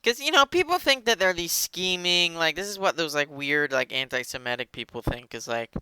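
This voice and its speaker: A man hosting a casual chat podcast, rambling and joking with plenty of fillers. His voice is bright and clear. The sound is dry and close. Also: fairly high pitch, lively intonation, fairly quick, no echo. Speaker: podcast host.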